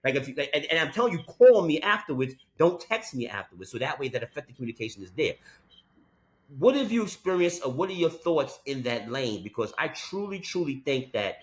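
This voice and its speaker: A man's voice: medium pitch, very animated, brisk. A man co-hosting a podcast in casual chat, telling a story with emphatic "okay?" asides. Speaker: podcast co-host.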